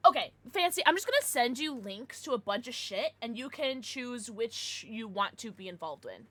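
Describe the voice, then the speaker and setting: A young adult woman streamer chatting casually with her viewers, with excited outbursts. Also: a little high, normal speed, dry recording. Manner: chatty, answers viewers, bursts of excited squeals. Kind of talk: casual live-stream chat.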